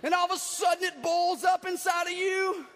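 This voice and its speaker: A man preaching a comedic sermon as pastor, animated and shouting in bursts. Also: very high voice, normal speed. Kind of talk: comedic sermon with acted outbursts. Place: church hall. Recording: long church hall reverb.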